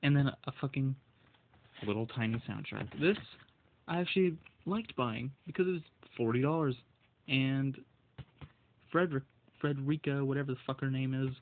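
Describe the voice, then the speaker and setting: A man with a medium-pitched voice rants alone in anger over video game prices, cursing all the while and tripping on his words as his voice shakes. The recording is phone quality with a faint hiss or hum.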